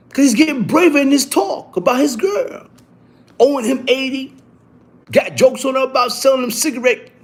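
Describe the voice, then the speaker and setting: High-pitched male storyteller, loose and profane, full of restarts. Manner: animated, profane street talk with many restarts and repeats. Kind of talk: casual storytelling to camera.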